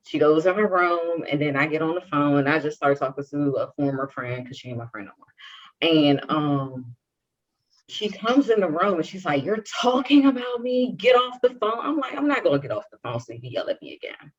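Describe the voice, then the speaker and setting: A woman's voice: low voice, a little fast. A young adult woman co-hosting a podcast, telling a personal story and acting out the dialogue with animation. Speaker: podcast co-host. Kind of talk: casual chat, personal story. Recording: dull lo-fi sound.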